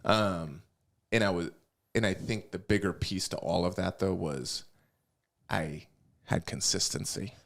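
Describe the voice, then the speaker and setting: This podcast host has a low, slightly bright voice with vocal fry, and he talks a little slowly. In casual chat he meanders through ideas, frequently starting over and laughing readily.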